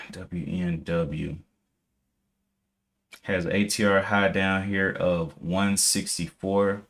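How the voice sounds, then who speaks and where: Low-voiced man musing over live stock charts. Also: fairly even intonation, extremely slow, pauses often, fairly bright tone. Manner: thinking aloud, musing and self-correcting, reading chat. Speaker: live stream day trader. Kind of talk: casual live-stream market commentary.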